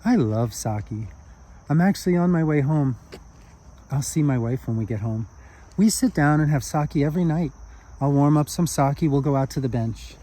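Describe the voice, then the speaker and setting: A man voicing a gentle, cheerful little old Japanese man who chats kindly and warmly. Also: fairly high pitch, normal speed, voice pushed up, natural voice. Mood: warm chatty. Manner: kind, chatty, lifting.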